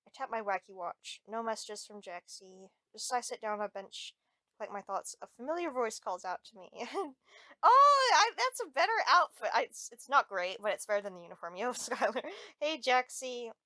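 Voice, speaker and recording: A woman gaming streamer reading a dating-sim game aloud, playful and excitable, giggling often, on a close microphone. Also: mid-range voice, brisk, dry recording.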